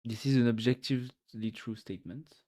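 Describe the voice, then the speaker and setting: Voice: mid-range voice, fairly quick, warm tone. A streamer with a French accent chatting casually on a live stream, laughing often and swearing offhandedly.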